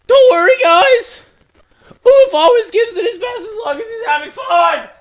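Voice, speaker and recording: A man's voice: very high voice, expressive, normal speed, voice pushed up. A man voicing a cheerful, clumsy teenage girl who gushes in a bouncy way. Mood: bubbly. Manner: bouncy and gushing.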